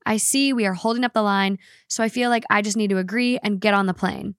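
A woman's voice: medium pitch, quick pace, clean tone, no echo, studio quality. A woman co-hosting a podcast, reading a listener's story aloud with expression and then chatting casually about it.

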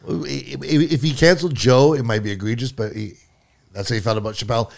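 A man's voice: medium pitch, fairly even intonation, fast, creaky. A man co-hosting a podcast in casual chat, blunt and cracking dry jokes. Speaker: podcast co-host.

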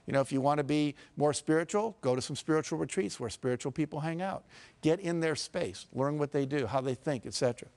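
A man's voice: on the high side, brisk, darkish tone. A man from the United States speaks as a motivational speaker at a live seminar. He tells stories and acts out quotes. He also puts questions straight to the audience.

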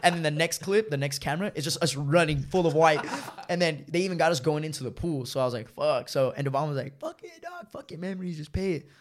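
A young man in casual chat with friends, telling animated, profanity-heavy stories peppered with "like" and "bro". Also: on the high side, fast, hardly any pauses, slight background noise. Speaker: storyteller guest.

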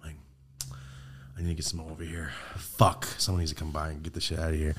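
A man hosting a podcast, telling ghost stories in casual chat, with heavy swearing and animated delivery. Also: very deep voice, very fast, a little hiss or hum. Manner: profane, animated storytelling. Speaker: podcast host.

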